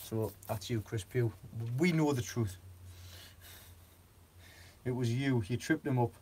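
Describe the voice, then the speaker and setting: A man's voice: medium pitch, a little slow, a little mellow, a little hiss or hum. A man chatting on a gardening live stream, rambling with lots of fillers and frequent giggles. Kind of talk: casual live stream chat.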